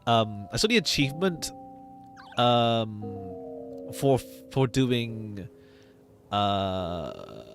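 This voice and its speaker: A man's voice: on the low side, big pitch swings, very slow, vocal fry, pauses often. A man streaming a game, chatting casually and rambling with stammering restarts over background music.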